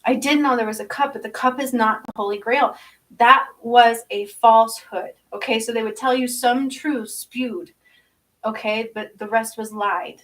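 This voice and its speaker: Her fairly high, slightly bright voice moves at normal speed, recorded from a distance with poor audio. The woman channels spirits with closed eyes in an intense, repetitive stream, chanting strange syllables and often asking if her listeners understand.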